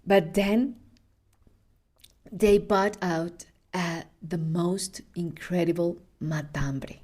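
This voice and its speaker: A woman podcast host with a low, mellow voice and a slow, easy pace. She tells stories in a casual, chatty way and laughs now and then. She often stops to correct her own words. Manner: unhurried, chatty storytelling with laughs and self-corrections. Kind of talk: casual food podcast with storytelling.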